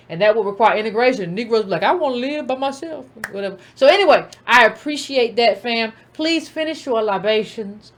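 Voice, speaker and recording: A woman hosting a casual political talk show, speaking bluntly and calling her viewers "fam". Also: mid-range voice. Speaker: political commentary host.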